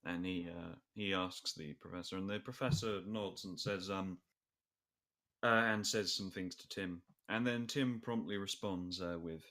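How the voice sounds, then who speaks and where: Deep-voiced male game master. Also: steady tone, bright, forceful tone. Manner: halting, many fillers. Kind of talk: narrating a tabletop game.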